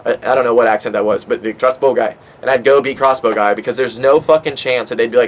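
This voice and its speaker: A man's voice: medium pitch, fast, poor audio. A man in his twenties hosting a podcast, rambling casually with lots of swearing and fillers, stoned. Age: 20s. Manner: profane, rambling, with many fillers. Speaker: podcast host.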